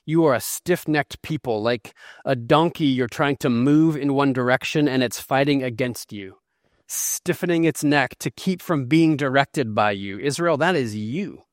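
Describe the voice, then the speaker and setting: A man's voice: medium pitch, a little slow, dry recording, studio quality. A man preaching an expository sermon, earnest and emphatic as he explains and reads scripture. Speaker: pastor.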